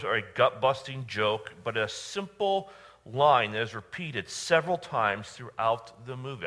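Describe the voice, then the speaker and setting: A male pastor preaching a sermon, emphatic, with dramatic pauses and repeated phrases. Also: medium pitch, pushed and bright. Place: church.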